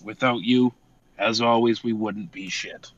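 Swearing co-host on a dull mic. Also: male voice, lowish voice, fairly even intonation, unhurried, no room sound. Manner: swears casually, reads off thank-yous. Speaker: podcast co-host. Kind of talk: casual chat.

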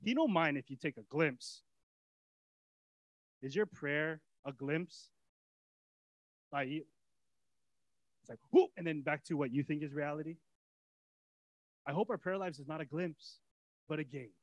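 A man preaching a sermon as pastor in a casual way, swinging from soft, quiet lines to excited shouting. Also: fairly high pitch, unhurried, pauses often, no room sound, poor audio. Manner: casual preacher's talk with fillers and repeats.

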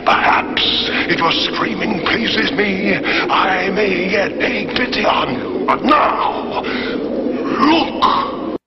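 An actor playing a cruel male demon lord in a 1970s TV movie, with a menacing, drawn-out theatrical delivery. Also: sits high, expressive, heavy background noise, exaggerated voice. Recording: dull lo-fi film audio with loud score.

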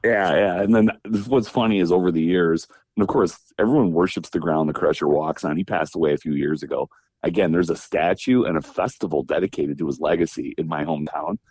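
Deep-voiced Wisconsin man telling wrestling stories. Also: brisk, slightly rough, no room sound. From Wisconsin, USA. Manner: animated storyteller, acts out quoted voices, laughs often. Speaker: guest, former pro wrestler. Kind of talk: casual storytelling interview.

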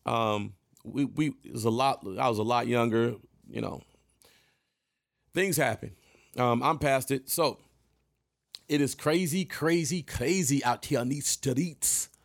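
Gravelly man telling a profane story. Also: medium pitch, no echo, studio quality. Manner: animated, profane, jumps into voices. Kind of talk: casual storytelling to camera.

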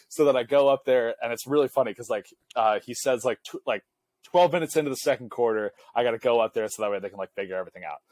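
Young male co-host, casual storyteller, middle pitch, dry close sound, loose rambling delivery. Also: fast talker, a little mellow, no echo. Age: young adult. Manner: rambling, heavy use of filler "like". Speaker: podcast co-host; college student section leader.

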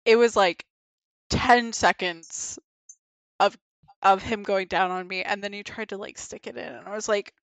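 A woman's voice: medium pitch, steady tone, normal speed, dry recording. A young woman casually telling a frank, laughing story on a podcast, swearing freely and acting out her own reactions. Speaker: guest.

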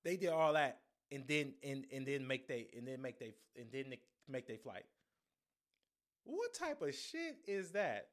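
A man's voice: medium pitch, very animated, unhurried. A young man hosting a solo podcast, telling an embarrassing story in a casual, profane, slangy way. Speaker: podcast host.

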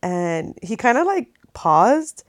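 Woman, 30s, casual storytelling vlogger, chatty and animated, dry close mic. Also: medium pitch, takes it slowly, dry recording. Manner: chatty, animated, many likes and swears.

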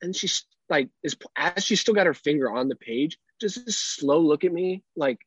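A man co-hosting a podcast, telling animated stories about his toddler, swearing freely and laughing often. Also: on the high side, normal speed, slightly rough, dry recording, highs cut off. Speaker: podcast co-host, father. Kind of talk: casual chat.

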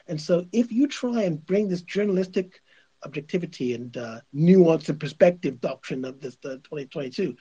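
A man's voice: fairly high pitch, mellow, husky, highs cut off. A male radio host giving opinionated commentary, emphatic and insistent, repeating his points.

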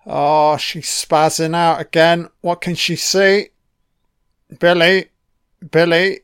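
A British man talks over a film in a slow, unhurried drawl, his voice smooth and clear and sitting a little high. He swears constantly and scolds the characters on screen as if they could hear him. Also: steady tone, no echo, clean studio sound. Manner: profane, heckling the screen. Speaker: film commentator. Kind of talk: audio film commentary.

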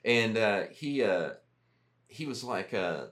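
A man's voice: on the low side, expressive, slow, fairly bright tone. A man, an army veteran guest, telling rambling, profane, self-mocking stories on a casual podcast.

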